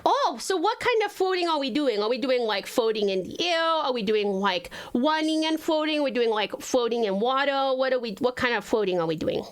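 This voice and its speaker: A woman's voice: high-pitched, animated, fairly quick, few pauses, clear, resonant tone. A woman streaming live, chatting with viewers in a put-on sugary baby-talk voice, giggling and calling them sweetheart and darling. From Tasmania, Australia.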